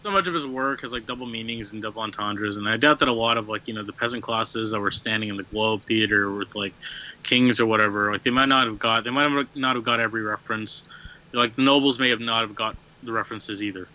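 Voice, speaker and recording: A man's voice: lowish voice, fast talker, sharp tone. A man in a casual podcast chat, rambling with many fillers and restarts. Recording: dull lo-fi sound.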